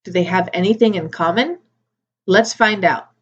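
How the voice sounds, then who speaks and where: Woman teacher drilling grammar slowly. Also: fairly low pitch, slightly rough, dull audio. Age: adult with a daughter. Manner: slow, careful word-by-word modelling for learners. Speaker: ESL teacher. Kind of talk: recorded grammar lesson.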